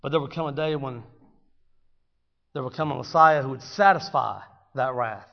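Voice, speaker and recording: A man preaching a sermon, swinging dramatically between hushed storytelling and loud, fervent exclamation. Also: mid-range voice, normal speed, creaky. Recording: dull sound with long hall reverb.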